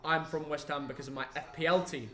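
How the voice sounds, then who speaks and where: A young man with a high, bright voice chats excitedly through a football reaction stream. He keeps firing questions at his co-host. The sound bounces around an echoey room. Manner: excitable, chatty, quick questions to his dad. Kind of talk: live football reaction chat.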